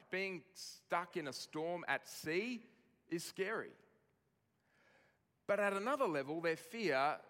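A man preaching a sermon, expressive, dropping soft on tender lines and rising for emphasis. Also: a little high, in a large hall. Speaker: pastor.

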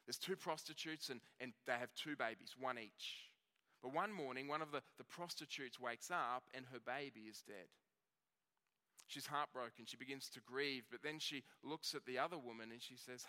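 A man preaching a sermon, telling the story in a conversational way and slowing down on key words. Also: medium pitch, sharp tone, clear, resonant tone. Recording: long reverb of a hall.

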